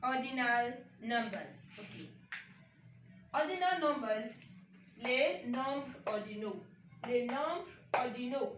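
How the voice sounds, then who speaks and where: A woman teaching a French lesson online, speaking slowly and repeating words, often checking in with "okay?". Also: a little high, expressive, echoey room, distant mic, a little hiss or hum, low-quality recording. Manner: slow and repetitive, checks in with "okay?".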